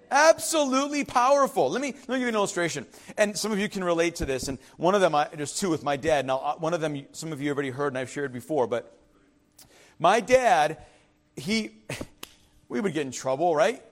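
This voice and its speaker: A man preaching a sermon as pastor, emphatic and repetitive, with frequent "right?" asides and shifts between loud declarations and quiet confiding remarks. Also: a little high, expressive, fairly quick.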